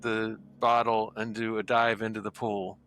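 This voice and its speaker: A man's voice: fairly low pitch, flat delivery, normal speed, fairly bright tone. A man playing a two-person tabletop role-playing game, casually and playfully improvising his character's story. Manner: playful, improvises story ideas, jokey questions. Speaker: player.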